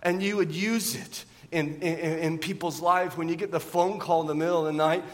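A man's voice: a little high, fairly even intonation, moderate pace, big-room sound. A man preaching a sermon as pastor, often asking his listeners rhetorical questions and repeating words as he goes.

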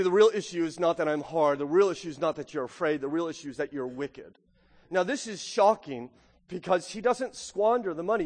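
Male pastor, high voice, fervent sermon delivery, long hall reverb. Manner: impassioned, rising to emphatic peaks, acts out quoted excuses. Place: church sanctuary.

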